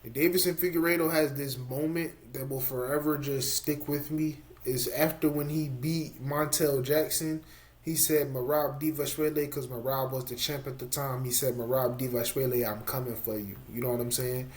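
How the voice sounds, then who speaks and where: A man's voice: medium pitch, fairly even intonation, moderate pace. A man co-hosting a casual fight-sports podcast, hyped and playful, who repeats his catchphrases and laughs often. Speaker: podcast co-host. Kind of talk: casual MMA chat.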